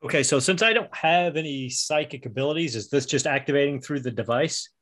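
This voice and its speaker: A man's voice: fairly high pitch, a little fast, fairly bright tone. A man playing a tabletop role-playing game, thinking aloud as he describes his character's actions and rolls. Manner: chatty, thinks aloud with fillers. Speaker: player.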